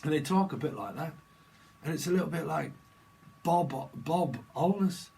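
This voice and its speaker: A man's voice: a little high, animated, normal speed, vocal fry, warm tone. A man giving a rambling, jokey tarot reading, free-associating and laughing often. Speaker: tarot reader. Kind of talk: rambling solo reading video.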